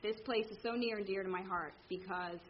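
A woman telling her recovery story to a meeting, candid and animated, acting out the people in it. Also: medium pitch, brisk, highs cut off, slight background noise. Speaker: speaker sharing at a recovery meeting. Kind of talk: personal story told to a meeting.

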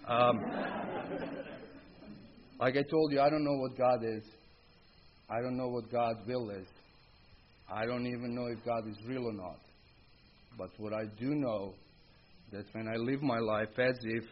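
Man giving a recovery testimony. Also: on the low side. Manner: storytelling, acts out quoted exchanges with rising excitement; frequent hesitant ums, quiet reflective pauses. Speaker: recovery speaker. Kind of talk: personal testimony to a group. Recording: dull lo-fi recording with faint background hiss.

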